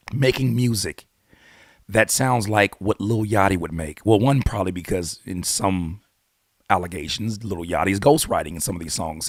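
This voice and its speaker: A man hosting his own channel, giving blunt, animated hip-hop commentary full of rhetorical questions and casual swearing. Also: on the low side, no echo, studio quality. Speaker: YouTube host and rapper. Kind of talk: opinionated music commentary.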